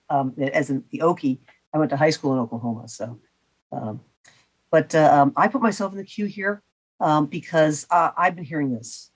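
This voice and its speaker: Polite woman chairing a meeting. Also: low-pitched. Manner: polite, measured, with fillers. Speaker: commission chair.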